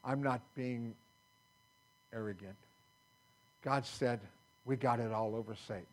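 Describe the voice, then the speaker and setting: A man's voice: mid-range voice, a little slow, poor audio. A man pastor preaching a sermon in a folksy, conversational way, quoting scripture to his congregation. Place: church sanctuary.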